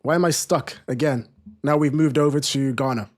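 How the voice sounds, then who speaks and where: This watchalong streamer talks through a live football match in easygoing stream chat, self-deprecating and prone to fillers and false starts. His voice sits in the mid range, moving at a moderate pace.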